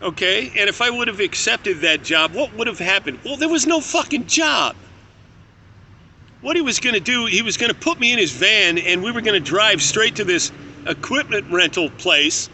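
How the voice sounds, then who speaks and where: High, bright-voiced man telling a story. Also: lively intonation, normal speed, slight background noise. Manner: candid, profane, conversational. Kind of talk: casual spoken storytelling.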